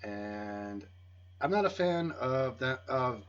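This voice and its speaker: A man's voice: mid-range voice, lively intonation, slow pace. A man hosting a casual wrestling podcast, teasing his co-hosts as he runs the rankings. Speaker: podcast host. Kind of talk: casual chat. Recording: dull lo-fi podcast audio.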